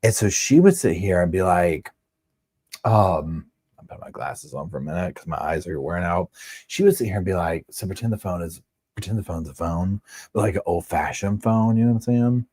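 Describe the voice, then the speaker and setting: A man's voice: low-pitched, expressive, brisk, dark tone, breathy edge, no echo, studio quality. A man in his forties hosting a livestream from home, telling a casual, rambling story full of "like" and "you know.". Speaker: livestream host.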